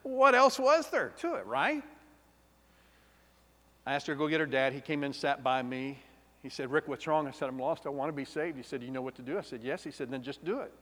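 A man's voice: mid-range voice, fairly even intonation, fast. Emotional man, churchy reverb. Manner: emotional, storytelling, swings between loud and hushed. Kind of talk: personal testimony sermon. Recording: long reverb of a large hall.

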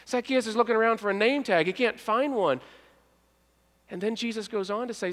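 A man pastor preaching a sermon in a church, telling a story with dramatic pauses, hushed moments and acted-out voices. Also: high-pitched, in a large hall. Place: church sanctuary.

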